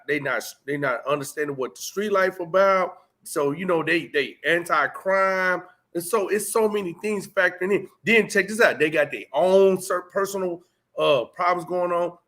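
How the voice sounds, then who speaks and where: A man's voice: a little high, fairly bright tone. A man in casual conversation, speaking emphatically in street slang and acting out heated exchanges as he tells a story. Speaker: host.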